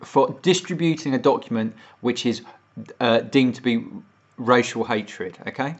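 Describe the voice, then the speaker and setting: A British man holds forth on a casual livestream, voice at a middling pitch. He swears freely and rants, growing more heated. The sound is dull and lo-fi. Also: unhurried. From United Kingdom. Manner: ranting, swearing, more worked up as he goes. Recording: dull lo-fi stream audio.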